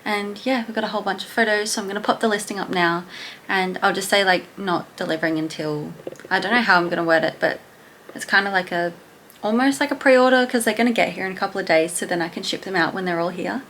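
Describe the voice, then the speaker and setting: A woman's voice: mid-range voice, quick pace, a bit bright, slight background noise. A woman talking casually to camera at home in a rambling, chatty small-business vlog. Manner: chatty and rambling, loses her train of thought.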